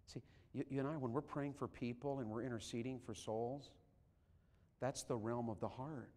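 A man preaching a revival sermon as an evangelist, swinging from shouts to hushed tones. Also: medium pitch, fairly even intonation, normal speed. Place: large church sanctuary. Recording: long hall reverb in a church.

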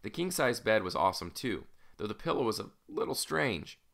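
A male audiobook narrator telling the story in a casual, wry first-person voice. His voice is very low with a gravelly texture. The tone stays bright and forward. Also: very animated, a little fast.

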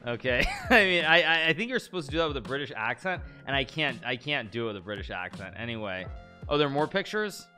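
A man reacting to chess memes on a live stream, chatty and quick to laugh, often stopping and restarting his sentences. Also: medium pitch, sing-song, sharp tone, faint music behind. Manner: chatty, self-interrupting, laughs often, reads lines aloud in a mock-romantic tone. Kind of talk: casual live-stream commentary.

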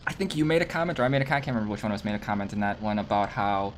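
A man hosting a casual reaction video, talking in a relaxed, rambling way with fillers and restarts. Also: lowish voice, racing, slight background noise. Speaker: host of a reaction channel.

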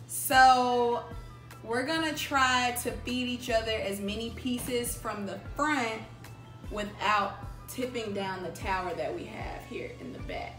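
A woman hosts a casual mukbang vlog, chatting slowly with viewers and calling them y'all. Her voice is a little high and fairly bright, and the room is echoey with music playing.

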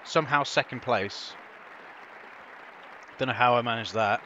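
A man giving excitable, foul-mouthed gameplay commentary as host of a gaming video. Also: mid-range voice, measured pace, lo-fi sound, a faint crowd, a little hiss or hum. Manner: excitable, swears constantly, laughs often.

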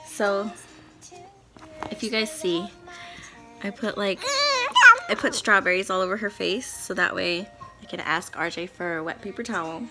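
A woman's voice: medium pitch, fairly even intonation, loud music behind the voice. Nervous giggly woman vlogging. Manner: nervous, giggly, talking fast about a plan; whispering quietly. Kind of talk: casual vlog chat to camera.

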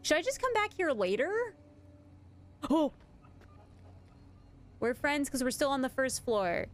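A woman's voice: sits high, big pitch swings, measured pace, faint music behind. A young woman streaming a video game, chatting with viewers in a giggly, casual way and reading notes aloud. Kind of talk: casual live-stream commentary.

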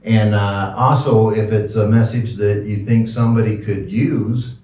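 A man preaching as pastor in a folksy, joking way, with halting restarts. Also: fairly low pitch, fairly even intonation, a little mellow. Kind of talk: sermon. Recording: roomy, distant, dull lo-fi church recording.

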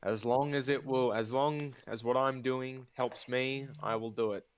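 A man playing a haughty male high elf noble in a tabletop game, speaking slowly and aloofly. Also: steady tone, clean tone, lo-fi sound, natural voice. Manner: slow, pompous, aloof.

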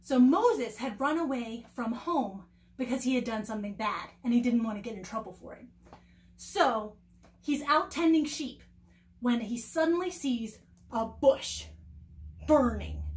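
High-voiced woman telling a kids' Bible story. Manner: warm, expressive storytelling with asked questions. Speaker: children's ministry teacher.

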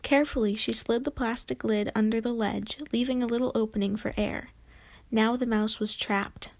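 Lady reading a kids chapter book, gentle and clear, voice on the higher side. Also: steady tone, moderate pace. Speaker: narrator. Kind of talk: children's book read-aloud.

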